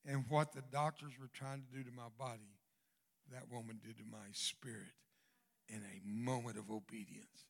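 An older man with a Southern American accent preaching a storytelling sermon as a guest speaker, swinging from hushed, quiet passages to loud bursts and joking asides. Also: medium pitch, fairly even intonation, normal speed, vocal fry. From Southern United States.

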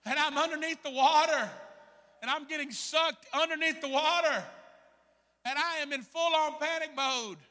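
High-voiced, bright preacher in a hall. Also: male voice, normal speed. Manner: storytelling, dramatic swings from hushed to loud. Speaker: pastor. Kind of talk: sermon.

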